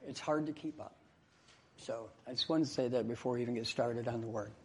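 A man's voice: mid-range voice, a little fast, slight background noise. A man preaching a sermon in a church, telling a joke story and chatting with the congregation. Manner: conversational, laughing with the congregation. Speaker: pastor.

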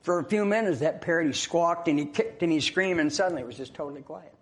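A man's voice: on the high side, fast. Conversational man preaching a sermon. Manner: conversational, laughing with the congregation. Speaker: pastor. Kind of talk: sermon with a joke story. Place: church.

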